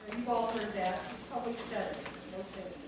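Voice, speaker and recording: A woman's voice: medium pitch, fast talker. A woman leading a spelling lesson for teachers, firm and directive, repeating and drilling each word. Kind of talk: classroom teaching demonstration. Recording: echoey room from far off, background noise.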